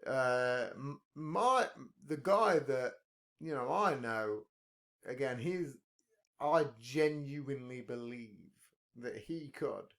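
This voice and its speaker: A man's voice: mid-range voice, expressive, slow, a bit bright. A man in casual podcast chat, rambling and profane, joking a lot. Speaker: podcast talker.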